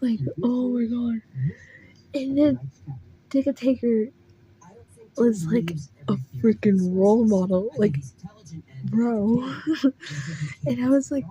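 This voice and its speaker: A woman's voice: fairly high pitch, slow, pauses often, mellow, low-quality recording. A young woman telling a rambling, emotional story about her dreams, full of "like" and restarts. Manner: rambling, heavy use of "like", frequent restarts. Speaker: vlogger. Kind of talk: casual storytelling.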